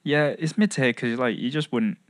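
A man's voice: mid-range voice, no room sound. Here is a man with a mid-range voice. He co-hosts a podcast, steering the talk in an easygoing, casual way. The recording is close and dry. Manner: easygoing, leads the segment with quick agreements. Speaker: podcast co-host. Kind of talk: casual chat.

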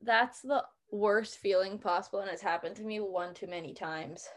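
A young woman co-hosting a casual podcast, chatty and quick to react with sympathy. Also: medium pitch, fairly even intonation. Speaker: podcast co-host. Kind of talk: casual chat.

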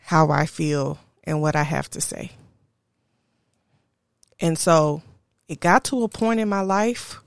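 A woman speaks in a low, unhurried voice, pausing to think as she shares something personal. The sound is close and dry, with no room around her. She is candid and reflective as she hosts her own podcast. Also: gravelly, dry recording. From Houston, Texas area. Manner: slow, reflective, candid storytelling. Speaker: podcast host. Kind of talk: personal monologue.

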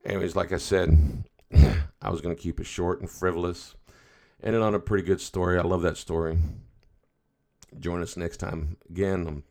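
Speaking at an ordinary pace, a middle-aged man hosts a podcast with a deep, steady, warm voice. His storytelling monologue wanders in a folksy manner, full of asides and repeated "you know"s.

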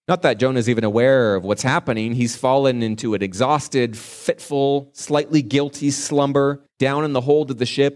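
A male preacher delivers a sermon as a vivid story. He shifts his pace often to build the scene in a mid-range voice. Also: mid-range voice.

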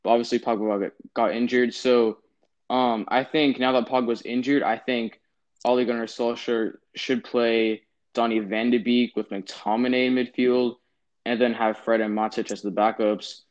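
Young man, podcast co-host, opinionated, hesitant fillers, mid pitch, dull lo-fi recording. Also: flat delivery, normal speed. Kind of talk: casual podcast chat. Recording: dull lo-fi sound.

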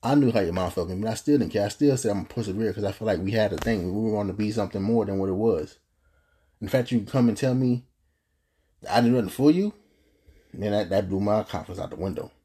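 A man's voice: lowish voice, fast talker, warm tone, slightly rough. Earnest young man telling his story. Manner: earnest, rambling, with frequent restarts and fillers. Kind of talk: casual personal storytelling.

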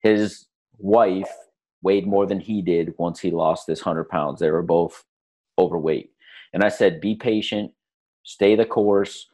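A man's voice: low voice, a little slow. A middle-aged man talking in a casual podcast conversation as a lifestyle coach, telling stories and acting out quotes. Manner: animated storyteller acting out quotes.

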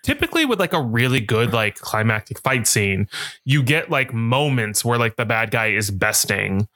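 A man in his thirties co-hosting a casual movie podcast, animated and jokey, acting out lines from films. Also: medium pitch, moderate pace, no room sound, clean studio sound. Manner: animated, jokey, acts out quotes. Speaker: podcast co-host.

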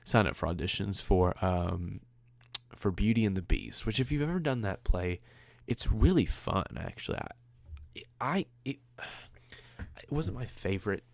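A man's voice: fairly low pitch, animated, a little slow, gravelly, no echo. A man hosting his own podcast, rambling casually and conversationally, with a self-deprecating streak. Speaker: podcast host. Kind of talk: casual solo podcast chat.

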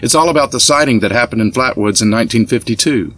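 A man's voice: medium pitch, fast talker, slight background noise, close to an everyday voice. A man reading an easygoing, joking young bearded man in an audiobook. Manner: relaxed, joking delivery.

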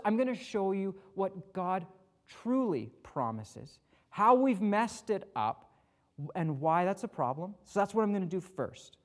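A man preaching a conversational sermon as pastor, acting out the people he quotes, with touches of self-deprecating humor. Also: sits high. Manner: casual, acts out quoted speakers.

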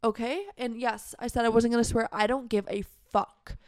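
A woman's voice: fairly high pitch, steady tone, darkish tone, dry recording, studio quality. A young woman hosting a podcast, talking heatedly and candidly in a casual monologue full of "like". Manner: heated, fast and emphatic, heavy use of "like". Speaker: podcast host.

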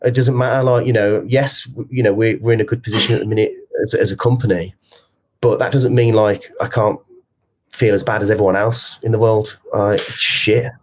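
A man's voice: on the low side, fairly even intonation, moderate pace, husky. A man co-hosting a podcast in casual chat, speaking frankly and heartfelt, scattering "like" and the odd swear word. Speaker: podcast co-host, company co-founder.

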